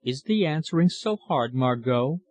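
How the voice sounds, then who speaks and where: A man voicing a gentle village priest who speaks in a calm, consoling way. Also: mid-range voice, measured pace, close to an everyday voice.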